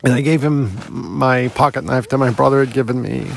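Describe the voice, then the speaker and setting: A middle-aged man recounts a personal memory in a gravelly voice of ordinary pitch. He speaks earnestly and reflectively, pausing mid-thought as he goes. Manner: earnest, reflective, halting pauses. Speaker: storyteller. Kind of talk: personal storytelling.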